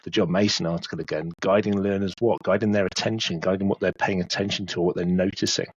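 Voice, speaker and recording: A man, a maths educator, speaking in a measured, thoughtful way in a casual podcast discussion. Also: sits low, steady tone, husky. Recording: dull, dry lo-fi sound.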